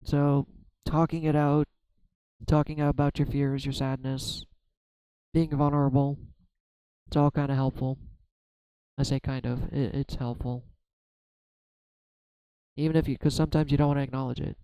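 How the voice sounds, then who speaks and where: Man, tarot vlogger, soft dark tone, flat delivery, halting and self-searching, dry sound. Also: mid-range voice, clear, resonant tone, no echo, rough recording. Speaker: tarot reader. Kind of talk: reflective solo tarot vlog.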